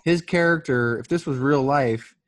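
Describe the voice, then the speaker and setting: A man's voice: medium pitch, moderate pace, a little hiss or hum. A man co-hosting a podcast, mocking a movie in incredulous, sarcastic casual chat, often acting out the characters' lines. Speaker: podcast co-host.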